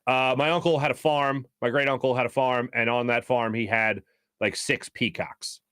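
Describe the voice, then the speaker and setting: Energetic sports radio host, dry studio sound. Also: male voice, mid-range voice, normal speed, clear, resonant tone, no echo. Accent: Philadelphia. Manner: rambling storyteller, energetic, many restarts. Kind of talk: casual sports talk show monologue. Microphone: studio microphone.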